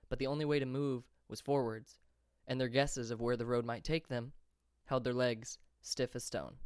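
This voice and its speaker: A man reading a fantasy audiobook chapter as narrator, in a steady, measured way. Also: mid-range voice, clean tone, no echo, clean studio sound.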